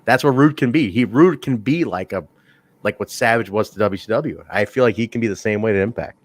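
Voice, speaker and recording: A man co-hosting a casual wrestling review chat, telling stories in a rambling, animated way. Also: on the low side, a little fast, no room sound. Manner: rambling, animated storytelling with laughs. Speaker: podcast co-host reviewing wrestling.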